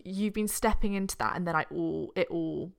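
A woman's voice: on the low side, normal speed, gravelly. A woman co-hosting a casual podcast, talking openly and self-deprecatingly about her moods. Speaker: podcast co-host. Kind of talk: casual chat.

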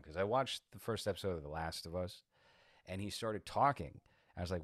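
A man's voice: low voice, brisk, no room sound, clean studio sound. A man co-hosting a podcast in casual chat, sarcastic and provocative. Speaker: podcast co-host.

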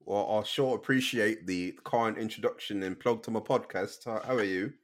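A man speaking as a podcast guest, relaxed and blunt in a casual chat. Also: on the low side, normal speed. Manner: relaxed and blunt, laughs easily.

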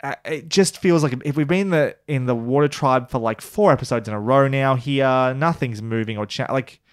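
A man co-hosting a podcast, reviewing an animated series in casual, rambling chat with frequent restarts. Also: medium pitch, moderate pace, smooth. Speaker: podcast co-host.

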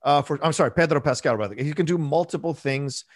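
A man's voice: fairly high pitch, lively intonation, fast talker, dry recording. Passionate man, dry close sound. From Latino (US). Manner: passionate, emphatic, preachy asides. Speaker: podcast guest. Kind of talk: casual podcast chat.

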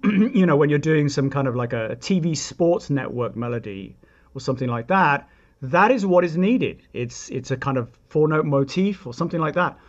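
Man, composer guest, thoughtful explaining, slightly high voice, dull lo-fi sound. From England. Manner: thoughtful, reflective, with frequent restarts and asides. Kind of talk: explanatory interview talk.

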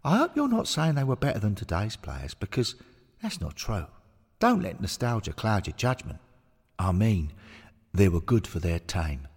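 A man's voice: on the low side, sing-song, normal speed, husky, big-room sound, heavily acted. A man voicing an opinionated football fan arguing his point in an audio story. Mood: insistent.

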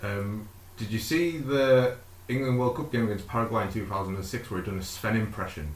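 A man's voice: lowish voice, a little fast. A man co-hosting a casual football podcast, giving blunt, plain-spoken opinions. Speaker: podcast co-host. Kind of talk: casual chat. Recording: echoey room.

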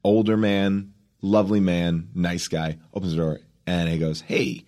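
A man with a fairly low voice tells a story on a podcast. He narrates animatedly and slips into quoted voices. His sentences come in fast bursts with restarts. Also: fairly even intonation, warm tone. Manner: acts out quotes, rapid restarts. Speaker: guest.

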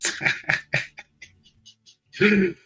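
A man cracking jokes on a podcast, popping into quick voices for the punchlines and laughing at his own gags. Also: bright, forceful tone. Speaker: podcast co-host. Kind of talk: telling jokes in casual chat.

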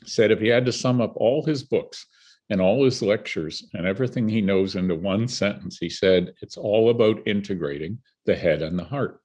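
An older Canadian guest tells vivid stories in conversation, his lowish voice carrying a breathy edge at a moderate pace. He's animated and laughs between anecdotes.

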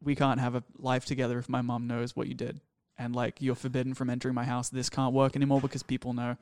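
A man's voice: medium pitch, monotone, fast, a little mellow, smooth, dry recording. A young man telling a personal story on a podcast in a rambling, frank, sweary way.

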